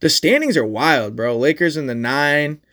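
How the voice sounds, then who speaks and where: A man's voice: on the high side, lively intonation, moderate pace, a bit bright. A man co-hosting a sports podcast, chatting casually and with swearing, running through team standings. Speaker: podcast co-host.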